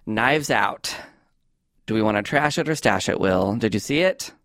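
A man hosting a comedy podcast, chatting in a rambling, animated way on a close studio mic. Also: lowish voice, normal speed, no echo. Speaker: podcast host. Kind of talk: casual comedic chat.

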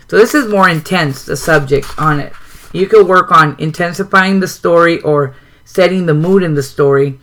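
Bright-voiced man reading aloud. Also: on the high side, normal speed. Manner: plain reading with occasional ums and asides. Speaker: host reading a writing guide. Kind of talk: reading a book aloud with comments.

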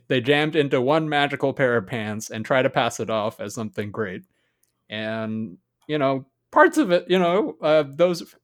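Sarcastic, swearing male podcast co-host. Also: medium pitch. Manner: sarcastic, rambling, swears often. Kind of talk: casual podcast banter.

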